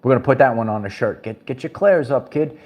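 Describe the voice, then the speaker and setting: A man's voice: mid-range voice, fast, lo-fi sound. Preachy Brooklyn man with music behind. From Brooklyn, New York. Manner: emphatic, preachy, repeats phrases, addresses viewers directly. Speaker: spiritual empowerment vlogger. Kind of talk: livestream motivational talk.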